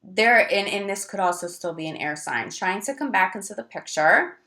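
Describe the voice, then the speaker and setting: A woman's voice: mid-range voice, lively intonation, normal speed, bright, forceful tone. A woman giving a casual tarot reading to camera, chatty and full of fillers, who often acts out the lines of the people she talks about. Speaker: tarot reader.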